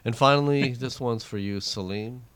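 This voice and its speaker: A man co-hosting a casual radio show as quizmaster, reading out a list of special days with lively emphasis. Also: mid-range voice, normal speed, clean tone. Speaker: quizmaster co-host. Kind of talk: casual studio banter.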